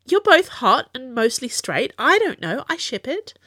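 A woman's voice: high-pitched, big pitch swings, a little slow, pushed and bright, no room sound, clean studio sound, pitched above the performer's own voice, full character voice. Jules, a sulky, dramatic young man, read by a woman. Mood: teasing. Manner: theatrical, petulant.

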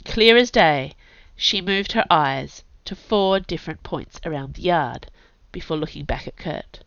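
Brief: woman audiobook narrator, brisk and gritty; dry, lo-fi recording. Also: sits low, expressive, gravelly, a bit bright, dry recording. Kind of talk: scripted narration.

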